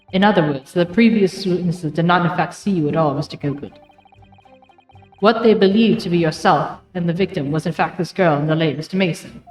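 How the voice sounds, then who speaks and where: A woman voicing a sharp young defense lawyer who questions in a pointed, probing way. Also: lowish voice, reverberant, natural voice.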